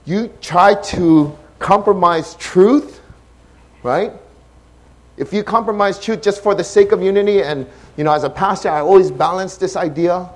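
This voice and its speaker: A man preaching a sermon as pastor, impassioned, shifting between hushed and loud delivery. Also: high-pitched.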